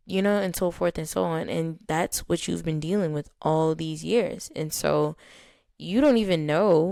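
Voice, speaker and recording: A young woman talks candidly to her podcast listeners in a loose, chatty way full of fillers. Her voice sits low with a gravelly fry. The recording is dry and close, with no room sound. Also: mellow, no echo. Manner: candid, chatty, many fillers, laughs often. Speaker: podcast host. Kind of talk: casual personal talk to listeners.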